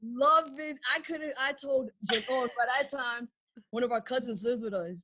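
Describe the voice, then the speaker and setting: Lively, swearing woman telling a story. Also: high-pitched, normal speed, no echo. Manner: animated storyteller, acts out quotes; swears freely, laughs often. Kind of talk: casual chat.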